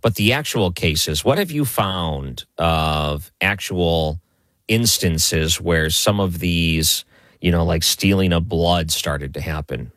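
Deep-voiced male interview host. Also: takes it slowly, fairly bright tone, no echo. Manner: curious, asks follow-up questions. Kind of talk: interview questions.

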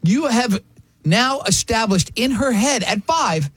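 A man co-hosting a casual talk show, teasing and scolding his co-hosts in quick banter with a husky voice. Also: very high voice, expressive, a bit bright, no room sound. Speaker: co-host.

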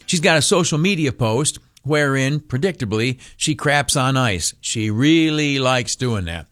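A man's voice: mid-range voice, a bit bright. A man hosting talk radio, giving sarcastic political commentary with many fillers and restarts.

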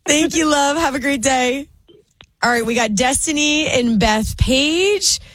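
A woman's voice: sits high, a little slow, a bit bright, dry recording. A woman co-hosting a morning radio show, encouraging callers. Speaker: radio co-host.

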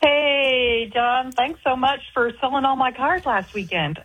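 A woman's voice: sits high, a little slow, fairly bright tone, breathy edge, lo-fi sound. A woman calling in to a radio show as a longtime listener, friendly and grateful as she talks. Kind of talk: call-in radio chat.

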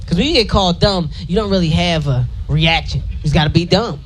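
A man performing stand-up comedy, telling a childhood story in a fast, animated way. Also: a little high. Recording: live show with crowd and noise.

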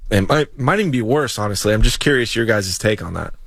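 Man, casual sports chat, halting restarts, dry close sound. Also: fairly low pitch, animated, vocal fry, fairly bright tone, no room sound. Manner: halting, restarts often, teasing. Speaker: podcast co-host.

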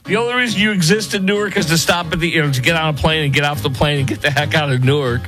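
A man's voice: on the high side, very fast, over music. A man filling in as host of a radio morning show, chatting casually and reacting with amused surprise. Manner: amused, chuckling, exclaims at surprises.

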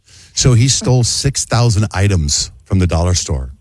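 A male radio host who takes callers briskly and jokes with them. His voice sits low and has a husky grain to it. It sounds dry and close to the mic. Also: expressive, dry recording. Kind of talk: call-in radio hosting.

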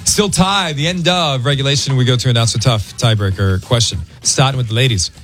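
A middle-aged man hosting a morning radio show, talking in an animated, dramatic, mock-aggrieved way. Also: mid-range voice, brisk, soft background music. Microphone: studio mic.

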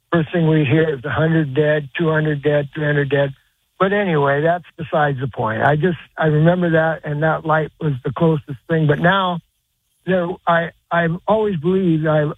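An older man calling in to a radio show, telling a long story in a halting, rambling way with lots of fillers and restarts. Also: a little high, breathy edge, no room sound. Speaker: caller. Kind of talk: call-in storytelling. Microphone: telephone. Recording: tinny phone line.

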